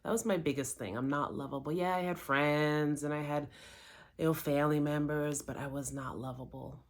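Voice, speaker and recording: Low-voiced woman telling her story candidly. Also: moderate pace. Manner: candid, animated, lots of quoted self-talk. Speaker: life coach for women. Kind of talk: personal storytelling to camera.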